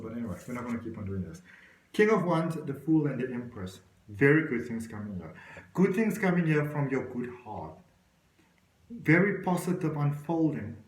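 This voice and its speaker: A man's voice: medium pitch, roomy sound, poor audio. A man giving an encouraging tarot reading, talking straight to the viewer. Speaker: tarot reader.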